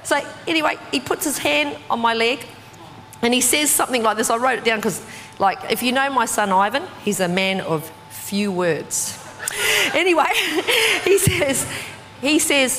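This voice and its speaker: A woman preaching a sermon in a conversational, animated way, full of casual fillers. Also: on the high side, unhurried, pauses often, a faint crowd, slight background noise. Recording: distant voice with long hall reverb.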